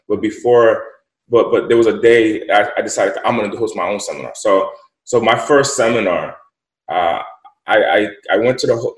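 Young adult male guest, animated slangy storyteller, in an echoey room. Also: lowish voice. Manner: animated, slangy, repeats words. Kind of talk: casual storytelling interview. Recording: roomy echo.

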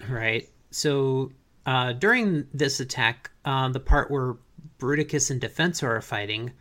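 A man hosting a podcast, recapping a cartoon episode in relaxed casual chat. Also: medium pitch, measured pace. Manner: relaxed, summarizing plot with fillers. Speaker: podcast host.

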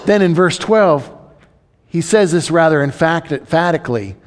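Preacher guy giving a sermon, voice a bit high, long echo like a big church hall. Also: expressive. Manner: earnest preaching, slows to read scripture, rises on questions. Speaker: pastor.

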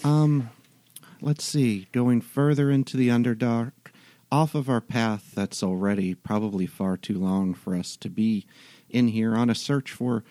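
A man narrating and running a tabletop role-playing game in a relaxed, halting way with many fillers. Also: medium pitch, no echo. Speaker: game master.

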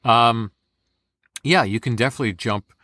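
Animated American voice actor, dry sound. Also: male voice, medium pitch, normal speed, dry recording. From United States. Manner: animated storyteller, slips into impressions. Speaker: voice actor guest. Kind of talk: casual interview.

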